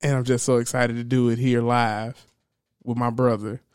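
A man co-hosting a podcast from a home workshop, animated as he retells conversations and laughs easily. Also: medium pitch, moderate pace, smooth, dry recording, studio quality. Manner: animated, laughing storyteller who retells exchanges. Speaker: podcast co-host. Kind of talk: casual podcast chat.

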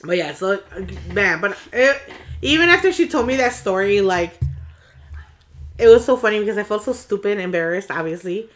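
A woman's voice: mid-range voice, expressive, a little fast, a bit bright. A young woman telling a story in casual conversation, rambling with restarts and acting out the frantic moments. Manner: rambling with many restarts, acts out screaming quotes.

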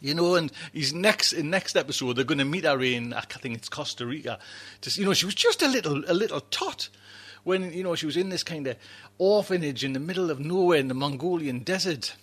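A man's voice: fairly high pitch, animated, fairly quick, a bit bright, slightly rough. A man hosting a fiction podcast, chatting in a rambling, heartfelt way with many restarts before introducing a story. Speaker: podcast host.

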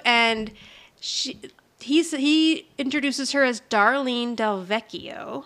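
Casual podcast co-host, woman, fairly high voice, animated recapper who acts out the lines. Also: slow. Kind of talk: casual chat.

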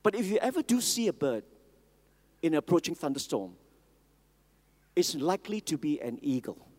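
High-voiced preacher in an echoing hall. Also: male voice, sing-song, normal speed, darkish tone. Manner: emphatic, repetitive, calls for congregation response. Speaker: pastor. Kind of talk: sermon. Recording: long reverb of a large hall.

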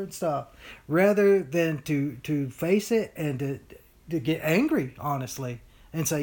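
An informal Bible study leader at a middle, everyday pitch, talking casually to a small group. The delivery is animated and rambling, full of fillers and restarts, and often slips into whiny put-on voices to make a point. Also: moderate pace.

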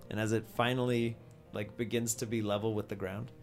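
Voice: mid-range voice, little pitch movement, fairly quick, soft background music. A game master narrating a tabletop game in a playful way, sometimes chanting creature noises.

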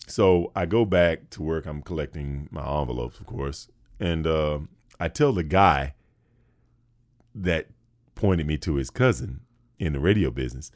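A man from with a bass voice, telling a funny story in an animated way. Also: unhurried, long pauses. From North Carolina, USA. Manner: lively, acts out the other people in his story. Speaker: guest.

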